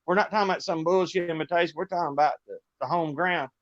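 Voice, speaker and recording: This guest musician, a middle-aged man with a Southern US twang, chats on a livestream, rambling through stories in a folksy way and laughing often. His voice runs on the high side, quick and fairly bright, on a muffled recording with no room sound.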